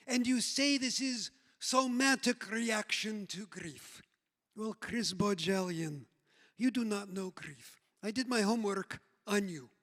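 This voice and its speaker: A man voicing a blunt, tough female former commando turned voice therapist, with a put-on Israeli accent, clipped broken English and deadpan scolding. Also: sits high, takes it slowly. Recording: long reverb in a large hall.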